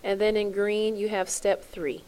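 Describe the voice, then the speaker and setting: A woman's voice: mid-range voice, flat delivery, unhurried, darkish tone. A woman teaching a French lesson to her class, spelling out verb endings in a chant and checking in with "okay?" as she goes.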